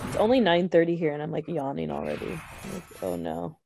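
A woman's voice: low-pitched, sing-song, brisk, creaky. A woman guest on a gameplay livestream, coaching and cheering the player and laughing often. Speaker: guest, convention organizer. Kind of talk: casual gameplay livestream chat. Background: game music.

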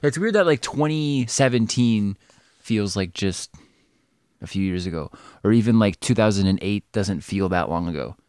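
Young male podcast co-host, low voice, relaxed and jokey, dry close sound. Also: moderate pace, clean tone, no echo. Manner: joking, swearing, laughing often. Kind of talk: casual chat.

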